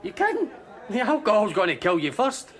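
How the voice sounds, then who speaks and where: Wry Scottish barman, teasing, smug, lively and slightly high. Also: a little fast, a faint crowd, exaggerated voice. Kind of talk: TV sitcom acting.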